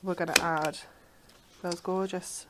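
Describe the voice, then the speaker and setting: A woman's voice: on the low side, little pitch movement, measured pace, a little hiss or hum. A woman presenting a live craft demonstration, talking chattily step by step with giggly asides.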